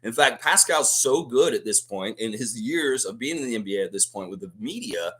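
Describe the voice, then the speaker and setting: A man's voice: medium pitch, fairly quick. A man hosting a live fan sports show, ranting heatedly and swearing freely. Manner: excitable, emphatic. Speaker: host of a fan basketball show. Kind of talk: live sports preview rant.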